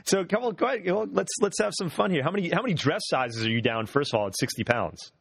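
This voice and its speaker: A man's voice: a little high, expressive, fast, gravelly, fairly bright tone, slightly rough, no echo, clean studio sound. A man hosting a casual health interview, upbeat and encouraging, repeating words as he talks. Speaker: host.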